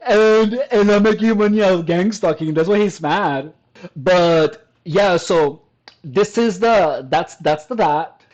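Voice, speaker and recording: A man's voice: high voice, rough recording. Scoffing man mocking online comments. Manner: scoffing, crude, laughs often, stumbling restarts. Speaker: commentary vlogger reacting to comments.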